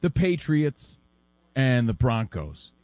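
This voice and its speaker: A man's voice: mid-range voice, very animated, slow pace, darkish tone, no echo. A man hosts a sports talk show, keeping the segment moving and reading listener takes. His voice rises and falls freely. The sound is dry and close to the mic. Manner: leads the segment, reads listener comments, playful. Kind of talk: sports radio hosting.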